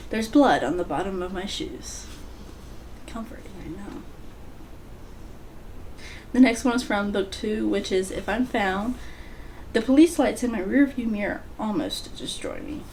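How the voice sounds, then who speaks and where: A woman's voice: medium pitch, a little mellow, slight background noise. A woman hosting her own book vlog in a casual, chatty way, reading short passages aloud between light asides. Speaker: book vlogger, channel host.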